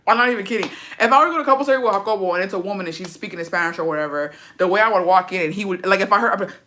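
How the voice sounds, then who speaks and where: A woman's voice: mid-range voice, rapid-fire, pushed and bright. A young woman livestreamer chatting casually with her viewers, brash, blunt and full of swearing. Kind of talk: casual chat answering viewer comments.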